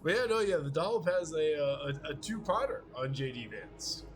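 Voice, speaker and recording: This man talks at normal speed in an expressive, fairly high voice. Hosting a casual podcast, he rambles profanely, laughs often, and acts out quotes from others.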